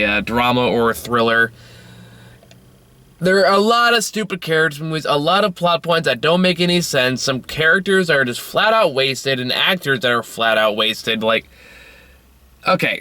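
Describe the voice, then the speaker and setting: A man's voice: on the high side, sharp tone, no echo. A tired young man reviewing a film on his own, rambling and swearing with frequent restarts. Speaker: movie reviewer. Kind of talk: casual solo film review.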